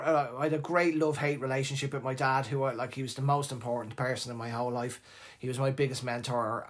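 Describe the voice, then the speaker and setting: Middle-aged dublin guy telling a story on his live show, animated and emotional, keeps restarting his sentences, mid-pitch voice. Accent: Irish, Dublin. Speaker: host.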